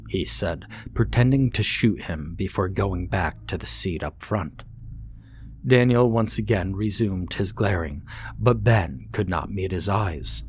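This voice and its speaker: A man narrating a horror story in a measured, deliberate scripted reading. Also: low voice, a little hiss or hum.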